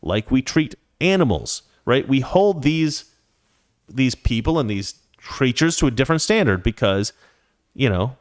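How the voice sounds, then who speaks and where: A man's voice: medium pitch, animated, a little slow, no room sound, clean studio sound. A man in his forties hosting his own talk show, giving opinionated commentary in a conversational way and reading out viewer messages. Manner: opinionated, conversational, frequent restarts. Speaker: show host.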